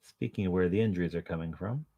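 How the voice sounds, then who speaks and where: A man's voice: low-pitched, quick pace, vocal fry, warm tone, muffled recording. A man chatting casually to his viewers while painting at home, joking about himself and chuckling often. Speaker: painting vlogger.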